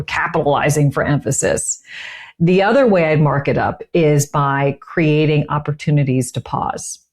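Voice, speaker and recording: A middle-aged woman coaches on delivery in a relaxed, conversational way, with a low-pitched voice. She leans on important words and now and then breaks into a short laugh as she explains. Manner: conversational, stresses key words, occasional laughs. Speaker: communication coach. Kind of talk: instructional tips to camera.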